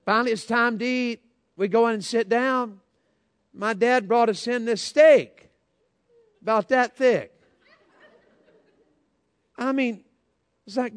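A man's voice: very high voice, slow, pauses often, smooth, no room sound. A man preaching a sermon, telling folksy stories and calling out to the congregation. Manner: folksy storytelling, calls out to congregation. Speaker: pastor.

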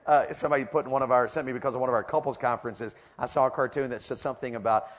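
A man's voice: mid-range voice, fairly even intonation, very fast, long reverb tail. A middle-aged man preaching a sermon in a church auditorium, drawing the congregation in with rhetorical questions and call-and-response.

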